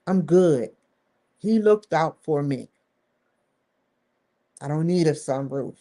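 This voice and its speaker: A woman's voice: deep voice, expressive, slow pace, mellow. A woman talking to the camera in a rambling, candid vlog monologue, swearing freely and leaning hard on stressed words. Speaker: vlogger.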